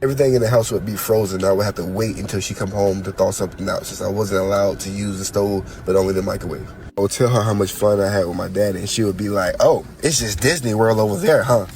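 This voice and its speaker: A man's voice: low-pitched, little pitch movement, quick pace, vocal fry, darkish tone. A man telling a blunt, heartfelt story from his own childhood, his voice congested. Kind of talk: personal storytelling.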